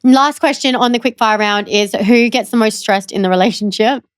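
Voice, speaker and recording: A young woman co-hosting a podcast, chatting casually and quickly, laughing often. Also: a little high, clean tone, no echo, studio quality. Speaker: podcast co-host. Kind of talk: casual chat.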